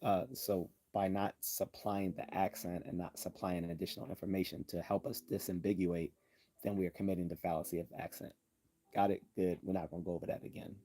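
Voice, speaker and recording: A man's voice: deep voice, level tone, fairly quick, dark tone. A man hosting a casual livestream lecture on logical fallacies, with sardonic asides and frequent ums. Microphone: desktop computer mic.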